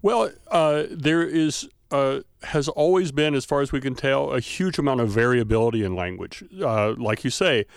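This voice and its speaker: A man's voice: mid-range voice, moderate pace, creaky, few pauses, clean tone, dry recording, clean studio sound. A man with a Southern US accent, a linguistics professor explaining ideas thoughtfully in a radio interview, with many uh fillers. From American South.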